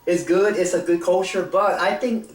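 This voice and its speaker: A man's voice: high voice, moderate pace, recorded from a distance. A middle-aged man from South Texas, talking casually to camera in a rambling, hesitant way with many fillers and restarts. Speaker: vlogger. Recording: roomy sound, set back from the mic.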